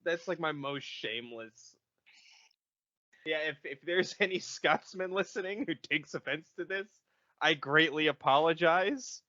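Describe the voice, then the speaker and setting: A man co-hosting a podcast in casual banter, animated and easily flustered. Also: fairly high pitch, a little slow, no echo, muffled recording. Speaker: podcast co-host.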